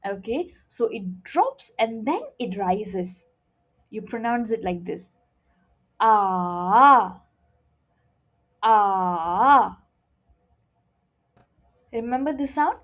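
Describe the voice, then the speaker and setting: Female language teacher; upbeat, highly expressive pitch, keeps checking in with students. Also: unhurried, husky. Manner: frequent checking "okay?", playful and encouraging. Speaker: Mandarin teacher. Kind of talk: friendly beginner language lesson.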